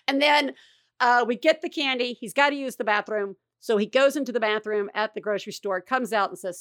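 A woman's voice: a little high, moderate pace, fairly bright tone, dry recording, studio quality. A middle-aged woman hosting a podcast, telling a rambling, self-deprecating story in casual chat and swearing freely. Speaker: podcast host.

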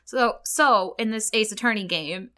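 A woman's voice: mid-range voice, unhurried, bright, forceful tone. A woman co-hosting a podcast in casual chat, laughing often and swearing freely. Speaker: podcast co-host.

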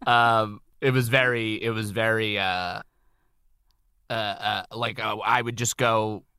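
A man who acts, chatting as a podcast guest, self-deprecating and halting with many restarts. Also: lowish voice, fairly even intonation, sharp tone, clean tone, no echo, clean studio sound. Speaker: guest, actor. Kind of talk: casual chat.

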